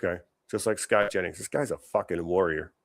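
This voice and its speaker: A man's voice: deep voice, brisk. A man hosting a podcast, giving blunt, profane political commentary. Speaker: podcast host.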